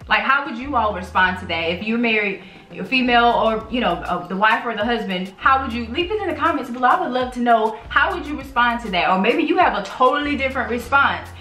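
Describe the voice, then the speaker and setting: A woman's voice: on the high side, animated, fast talker, bright, forceful tone. A woman hosting her own channel, chatting casually with her husband about relationships, rambling with many restarts. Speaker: channel host. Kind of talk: casual couple chat. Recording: echoey room, mic at a distance, faint music.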